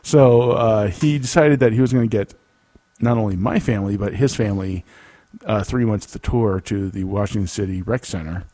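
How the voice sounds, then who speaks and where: A man's voice: lowish voice, normal speed, dark tone, dry recording. A man co-hosting a casual comedy podcast, telling stories animatedly and laughing often. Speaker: podcast co-host.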